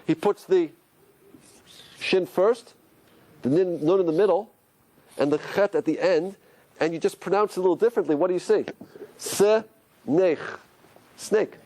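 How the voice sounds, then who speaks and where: A high-voiced Torah teacher gives an animated lecture on Hebrew letters, posing rhetorical question after question to his listeners. He talks at a normal speed and leaves long pauses.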